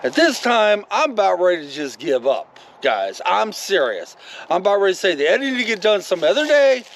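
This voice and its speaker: Animated high-voiced man telling a story. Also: a little fast, a little hiss or hum, low-quality recording. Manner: rambling and animated, many asides to viewers. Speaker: vlogger. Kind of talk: casual storytelling vlog.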